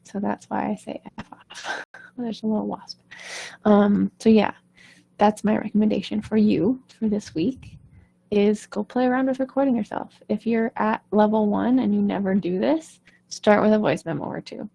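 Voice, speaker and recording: A woman coaching singers in a live online session, talking earnestly in a loose, conversational way. Her voice carries a steady gravelly fry at a middle pitch. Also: normal speed. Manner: earnest, conversational, often asks "right?". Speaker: singing coach.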